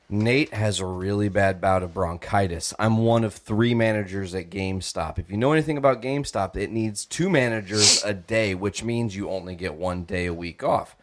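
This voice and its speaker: Lowish-voiced man telling a rowdy story. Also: normal speed. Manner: profane, acts out quoted voices. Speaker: podcast co-host. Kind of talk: animated storytelling.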